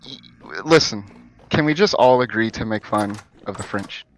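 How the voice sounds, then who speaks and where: A man's voice: fairly low pitch, expressive, normal speed, a little hiss or hum. An American man trading teasing jabs with friends while streaming a game. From United States. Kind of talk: casual gaming banter.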